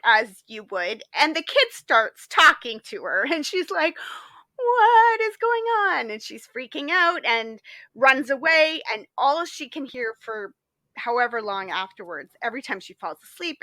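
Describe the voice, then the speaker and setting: Bright, high-voiced woman co-host. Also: dry recording. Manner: lively storytelling, frequent fillers. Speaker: podcast co-host. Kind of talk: casual chat.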